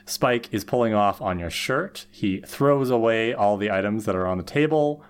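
A man's voice: fairly low pitch, lively intonation, normal speed, a little hiss or hum. A man co-hosting a podcast, casually recapping a TV episode with dry joking asides. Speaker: podcast co-host.

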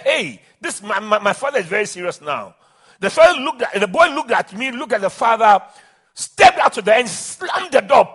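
A man's voice: very high voice, a bit bright, breathy edge. A man preaching a sermon as pastor, emphatic and impassioned, with restarts.

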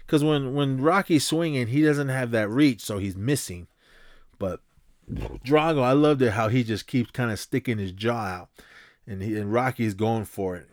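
A man hosting a podcast, casually retelling a movie fight with punch sound effects and quick impressions of the characters. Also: mid-range voice, no echo, studio quality. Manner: animated, acts out punches with sound effects and quoted lines. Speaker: podcast host.

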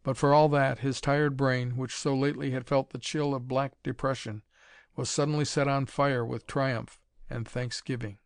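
Man with a smooth, clear reading voice. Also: medium pitch, no echo, studio quality. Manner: steady, measured storytelling. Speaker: audiobook narrator. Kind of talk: audiobook reading of a pulp adventure novel.

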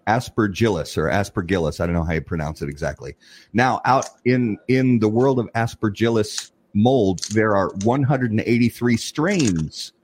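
A man co-hosting a casual talk show, explaining at length in an emphatic, animated way with frequent restarts. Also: on the low side, slightly rough. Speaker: podcast co-host. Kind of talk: casual chat.

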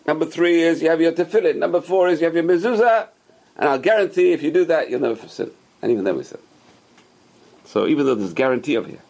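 Gravelly, husky man teaching scripture. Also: medium pitch, a little mellow. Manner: emphatic, repeats key phrases. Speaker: religious teacher. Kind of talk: Torah class lecture.

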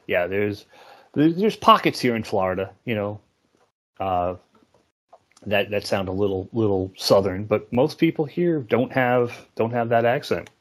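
A middle-aged man from New York chats casually on a podcast. His low voice is husky and a little rough, and he wanders through his thoughts, often stopping to hunt for a word. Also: expressive, measured pace. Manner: rambling, hesitant, searches for words. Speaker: podcast co-host. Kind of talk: casual chat.

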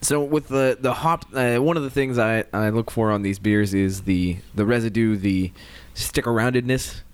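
A man's voice: lowish voice, normal speed, smooth. A man co-hosting a casual beer-tasting podcast, making dry, wry remarks. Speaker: podcast co-host.

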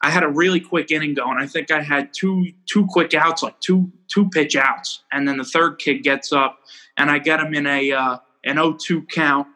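A young man, a baseball pitcher, casually telling rambling, animated stories about his games and laughing at himself. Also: normal speed, rough recording. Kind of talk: casual storytelling interview.

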